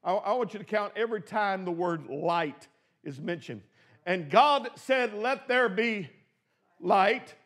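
A man preaching a sermon as pastor, emphatic, swinging between shouted praise and quiet asides. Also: sits high.

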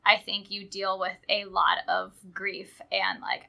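A woman guest speaking reflectively. Her voice is very bright and sharp in tone, yet her pitch barely moves, which gives her delivery a flat, even feel. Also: measured pace, creaky. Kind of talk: personal reflective talk.

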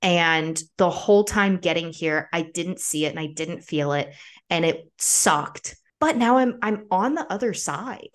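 Young female podcast host, a little low-pitched, candid, animated, filler-heavy talk. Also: unhurried. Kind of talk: casual conversation.

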